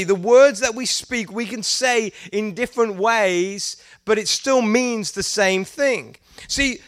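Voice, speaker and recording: A middle-aged youth pastor with a British accent preaches to a youth gathering, playfully teasing the crowd and prompting them to shout out answers. His voice sits high, pushed and bright, recorded at studio quality with no echo.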